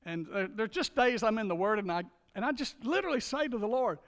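A man preaching a sermon as a pastor, swinging from loud, driving calls to hushed, earnest appeals. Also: sits high, expressive, quick pace, few pauses, long reverb tail.

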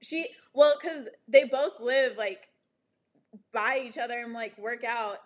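A woman's voice: high-pitched, unhurried. A young woman chatting casually and telling stories with lots of laughter and "like" fillers. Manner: animated storytelling, frequent laughter and "like" fillers. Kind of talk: casual chat.

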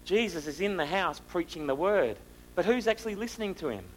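A man preaching a sermon, asking the listeners rhetorical questions and moving between loud and hushed delivery. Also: high-pitched, lively intonation, fairly quick, a little hiss or hum, low-quality recording.

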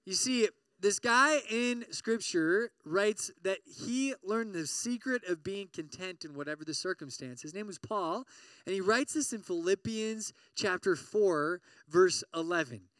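A man preaching to college students, animated, asking the crowd questions and acting out worried inner voices. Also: high voice, unhurried, no room sound, distant mic. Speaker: pastor.

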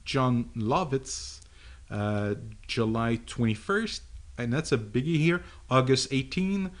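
A man co-hosting a podcast in casual chat, halting, with many fillers and restarts. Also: mid-range voice. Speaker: podcast co-host.

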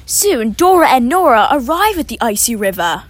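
A woman reading a children's storybook aloud in an expressive way. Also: a little high, normal speed, dry recording. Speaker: reader.

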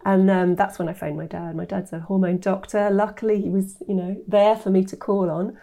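A woman in her fifties, a nutritionist guest telling her story in an animated way, acting out quoted voices. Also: medium pitch, fairly quick, creaky. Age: 50s. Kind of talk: interview storytelling.

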